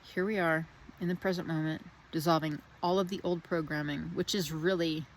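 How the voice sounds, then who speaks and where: A woman's voice: sits low, fairly even intonation, moderate pace, slight background noise. A woman musing reflectively on spiritual ideas, speaking outdoors in a meandering, searching way and repeating phrases. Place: outdoors in the wind.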